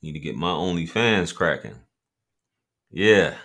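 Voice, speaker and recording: A man's voice: sits low, expressive, unhurried, gravelly, a bit bright. A man hosting a casual livestream, joking and bantering with viewers in loose, slangy talk. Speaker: livestream host.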